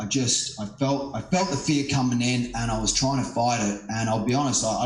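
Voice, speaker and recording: A middle-aged man, a stand-up comedian, telling a story in a casual, rambling way, with lots of swearing, fillers and restarts. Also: mid-range voice. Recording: roomy echo.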